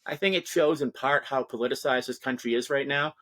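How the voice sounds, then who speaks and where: A male interview guest who talks quickly and keeps things lively. He moves through political history in a discursive, storytelling way, in a casual conversational tone. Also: mid-range voice.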